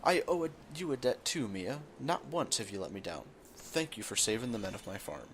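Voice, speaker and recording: A man's voice: medium pitch, expressive, fairly quick, fairly bright tone, a little hiss or hum. A man voicing a kindly, grateful older male farmer, reading game dialogue aloud. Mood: gentle.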